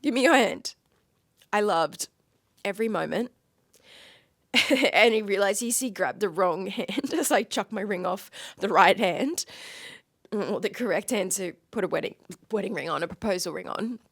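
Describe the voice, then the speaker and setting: A woman's voice: medium pitch, normal speed, dry recording, clean studio sound. A young woman hosting her own podcast, telling a personal story in a gushing, emotional way and often breaking into giggles. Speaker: podcast host.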